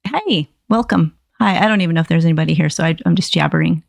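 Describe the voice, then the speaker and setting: An older woman chats her way through a puppet-making livestream, rambling and self-deprecating. Her voice is gravelly and sits low. The sound is close and dry. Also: quick pace, no room sound. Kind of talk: casual livestream chat.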